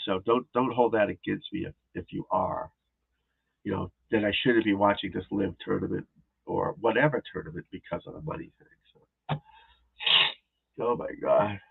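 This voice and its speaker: Man chatting on a live stream, gravelly, husky, tinny phone-like sound. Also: fairly low pitch, moderate pace, long pauses. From New England. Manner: rambling, restarts, talks to chat viewers. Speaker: golf instructor streaming live. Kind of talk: casual live-stream chat.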